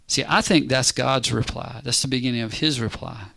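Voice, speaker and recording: A man preaching a casual, conversational sermon, animated and constantly checking in with his listeners. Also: medium pitch, normal speed, vocal fry, few pauses. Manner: animated, conversational, keeps asking "right?".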